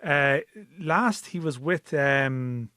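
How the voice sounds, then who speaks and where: Irish sports journo chatting, mid pitch, dry close mic. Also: male voice, animated, drawn-out words, bright, forceful tone, dry recording. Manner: conversational, rambling, thoughtful. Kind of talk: casual sports podcast chat.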